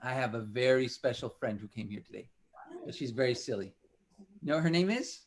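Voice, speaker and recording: A man's voice: medium pitch, brisk, a little hiss or hum. A man leading a children's music session, telling a playful story and asking the kids questions. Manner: animated, question-and-answer with kids.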